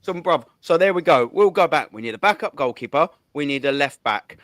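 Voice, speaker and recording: A man hosts a fan show in a fierce, profane rant, hammering each point home. His voice sits a touch high. The recording is dry and close, with no room sound. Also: lively intonation, a little fast, a bit bright, dry recording. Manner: profane, ranting, emphatic. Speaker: fan channel host. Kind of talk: heated football fan rant.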